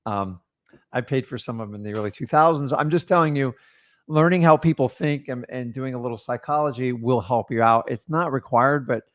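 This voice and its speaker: A man's voice: medium pitch, a little fast, a bit bright. Earnest middle-aged man giving advice. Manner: earnest, advice-giving, addresses viewers as guys. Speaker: co-host, real estate investor. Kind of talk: casual coaching chat.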